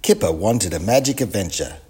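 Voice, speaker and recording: A man narrating a children's storybook in a clear, expressive reading. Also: on the low side, brisk, slight background noise.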